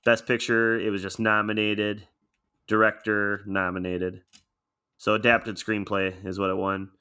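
Bright-toned matter-of-fact podcast man. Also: fairly low pitch, little pitch movement, a little slow, clean tone. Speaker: podcast co-host. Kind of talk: casual movie discussion.

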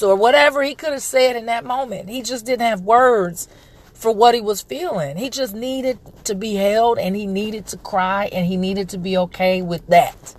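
Chatty mom, a bit hoarse. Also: female voice, medium pitch, moderate pace, no echo. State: recovering from a respiratory illness, throat clearing. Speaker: podcast host, parent. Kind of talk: casual monologue.

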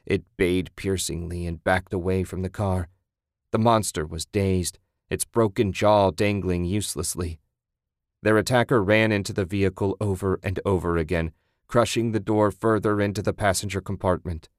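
A man with a very low, deep voice narrates a horror story. His reading is steady and measured. The sound is dry and close with no room echo.

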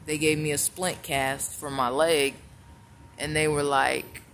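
A man with a somewhat high-pitched voice tells a personal story straight to camera. His delivery is casual and blunt, full of swearing, restarts and repeated phrases. A clear, constant background noise runs under the recording. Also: level tone, takes it slowly, fairly bright tone. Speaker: vlogger.

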